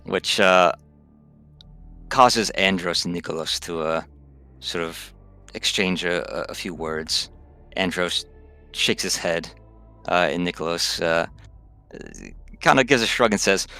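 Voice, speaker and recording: A man narrating as game master of a tabletop game, halting and full of restarts. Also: low voice, sharp tone, soft background music. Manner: halting, many fillers and restarts.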